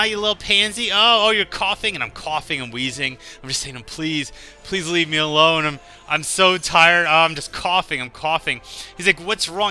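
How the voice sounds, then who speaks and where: A man's voice: mid-range voice, bright, forceful tone. A man giving casual gameplay commentary, rambling and joking as he tells stories. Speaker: gaming commentator.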